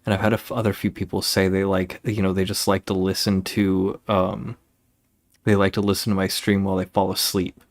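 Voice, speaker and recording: A young man with a lowish voice chatting on a game stream. He rambles from tangent to tangent in a laid-back way and swears without thinking about it. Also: little pitch movement, fairly quick. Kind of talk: casual chat while streaming a game.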